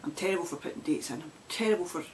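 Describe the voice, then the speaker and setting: A woman's voice: lowish voice, very fast, slight background noise. A woman with a broad Glasgow Scottish accent hosting a knitting podcast, chatting casually to camera with frequent laughs and rambling asides. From Scotland.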